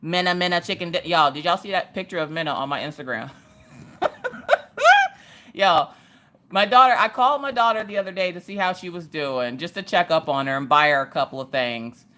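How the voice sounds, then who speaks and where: A woman's voice: lowish voice, brisk, a bit bright. A woman, chatting casually with her livestream audience from her couch at home while she crafts, laughing often and greeting viewers by name. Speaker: livestream host.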